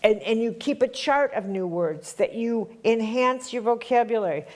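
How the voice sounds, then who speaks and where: A woman's voice: fairly high pitch, moderate pace, a little mellow. A woman leading a spiritual workshop who talks conversationally and teases the live group as she quizzes them. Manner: conversational and teasing, quizzing the audience. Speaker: workshop leader.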